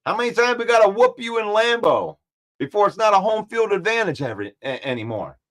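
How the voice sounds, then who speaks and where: A man with a fairly high voice hosts a sports talk show in an animated, trash-talking way. He keeps repeating his points and gets worked up as he talks. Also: a little fast.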